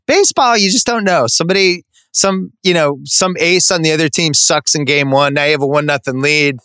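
Guy riffing on sports rivalries, bright forceful voice, dry close sound, keeps cutting himself off. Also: fairly high pitch, fast, hardly any pauses, smooth, no echo. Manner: animated, ranting, self-interrupting. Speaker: sports podcast host. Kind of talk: casual sports banter.

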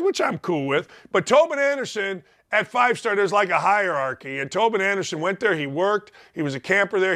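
Brief: middle-aged male sports host, high, bright and forceful, rambling and emphatic. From Indiana. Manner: emphatic, rambling, repeats words for stress. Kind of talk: sports talk monologue.

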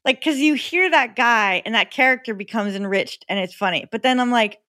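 A woman's voice: a little high, a little fast, bright, forceful tone, dry recording, clean studio sound. A woman, a comedian guest on a podcast, talking animatedly with many "like"s and laughing asides. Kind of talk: casual chat about comedy.

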